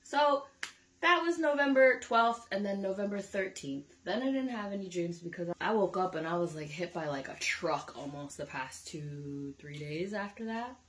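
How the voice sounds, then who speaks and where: A young woman with a slightly low voice tells a story in a loose, casual way. She is frank and chatty, and she swears often. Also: moderate pace, hardly any pauses. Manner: candid and chatty, swears freely. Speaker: vlogger.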